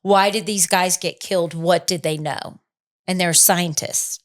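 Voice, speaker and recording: A woman's voice: on the low side, steady tone, a little slow. A woman co-hosting a podcast, chatting loosely and wondering aloud in casual conversation. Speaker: podcast co-host. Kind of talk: casual chat.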